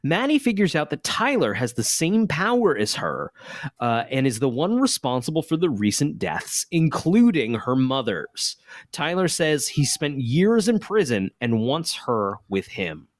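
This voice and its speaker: A man's voice: on the high side, measured pace, no room sound, studio quality. A man co-hosting a podcast, recapping a TV episode in casual chat with a joking manner. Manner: lively, jokey, laughs often. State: hiccuping.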